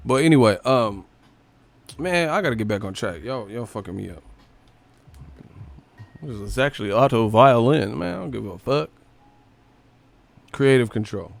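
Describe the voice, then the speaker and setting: A man's voice: mid-range voice, normal speed, gravelly, pauses often, dry recording. A man hosting a live stream, ranting casually about boxing with a lot of swearing. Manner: profane, ranting, animated.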